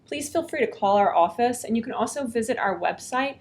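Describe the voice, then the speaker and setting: A woman's voice: on the high side, lively intonation, brisk, a little hiss or hum. A female lawyer giving brief, inviting closing remarks to viewers.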